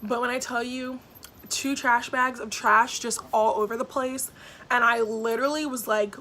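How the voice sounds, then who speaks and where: A young woman in her twenties vlogging a storytime, retelling events in a lively way with lots of "like" and acted-out quotes. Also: a little high, normal speed, slight background noise. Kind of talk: storytime vlog.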